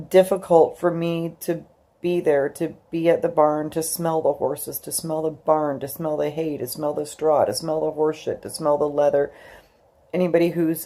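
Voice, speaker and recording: A woman's voice: low voice, warm tone. A woman in her fifties talking emotionally to her YouTube viewers, tearful and rambling with many fillers. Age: 50s. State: crying. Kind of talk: emotional personal vlog.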